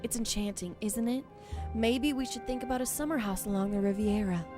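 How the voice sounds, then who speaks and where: An actress as a frank, fond letter-writer. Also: female voice, fairly high pitch, a little fast, natural voice. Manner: affectionate, frank, persuasive. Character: adult woman writing a fond letter. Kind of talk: letter read aloud. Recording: music behind.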